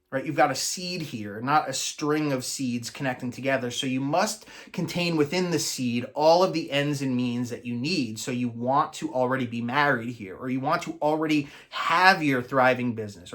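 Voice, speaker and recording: A man coaching listeners in an earnest, explanatory teaching monologue, slowing down to stress key phrases. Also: mid-range voice, fairly bright tone. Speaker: manifesting coach.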